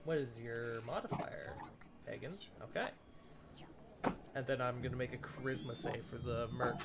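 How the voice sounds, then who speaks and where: A man narrating a tabletop game as game master, relaxed with many fillers. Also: mid-range voice, normal speed, gravelly, heavy background noise.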